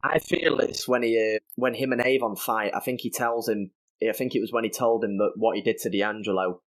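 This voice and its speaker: A man's voice: lowish voice, steady tone, a little fast. A man with a British accent, a guest on a podcast, talking loosely in casual chat with plenty of fillers. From Britain. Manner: conversational, loose phrasing with fillers.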